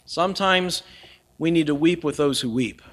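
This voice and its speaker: A pastor delivers his sermon in a high, ringing voice. He is earnest and shifts between loud emphasis and hushed, near-whispered lines. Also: normal speed.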